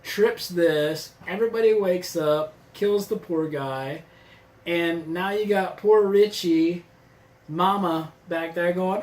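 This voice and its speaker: A man's voice: high-pitched, takes it slowly, a little mellow, rough recording. Rambling sarcastic man reviewing gear. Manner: rambling, sarcastic, swears freely. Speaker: vlogger reviewing a subscription box. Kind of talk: casual product review.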